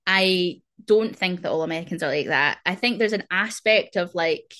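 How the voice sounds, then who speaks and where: A woman's voice: lowish voice, moderate pace, fairly bright tone. A woman co-hosts a casual podcast. She talks in a chatty, rambling, apologetic way and drops in local slang. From Scotland. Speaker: podcast co-host. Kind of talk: casual chat.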